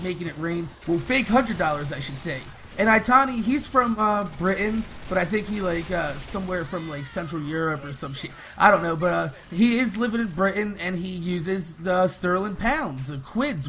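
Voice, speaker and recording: Fast-talking, profane young gamer guy. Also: high-pitched, bright, forceful tone, a little hiss or hum. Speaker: gaming channel host. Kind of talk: casual commentary over gameplay.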